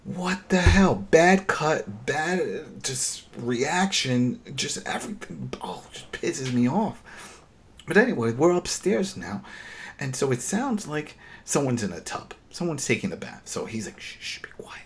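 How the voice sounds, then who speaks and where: A man co-hosting a podcast, retelling a TV episode in a casual, animated and exasperated way, often restarting his sentences. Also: mid-range voice, measured pace. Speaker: podcast co-host.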